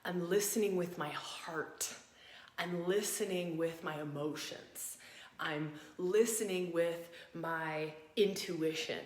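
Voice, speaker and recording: A woman with a lowish voice leads a live spiritual practice, speaking gently and invitingly. She often repeats her phrases for emphasis. Her voice rings in a roomy, echoing space. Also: takes it slowly. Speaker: astrology and embodiment teacher. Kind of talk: guided practice talk to a live audience. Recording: roomy echo.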